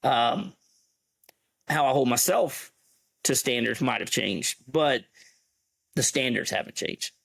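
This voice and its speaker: A man co-hosting a podcast, a softball coach talking bluntly and with emphasis, swearing casually. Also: medium pitch, lively intonation, takes it slowly, creaky, pauses often.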